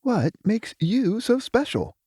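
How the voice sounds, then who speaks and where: A man voicing Trezor, a resentful younger brother who is a vast cosmic being, in an audiobook; prying, jealous and quick to anger. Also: mid-range voice, very animated, gravelly, mellow, breathy edge, no room sound, studio quality, exaggerated voice. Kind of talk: audiobook character voice.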